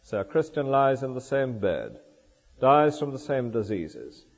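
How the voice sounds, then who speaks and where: An older man preaching a sermon in a church, explaining scripture with lively asides and rhetorical questions. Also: medium pitch, a little slow. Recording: dull lo-fi recording in a reverberant church.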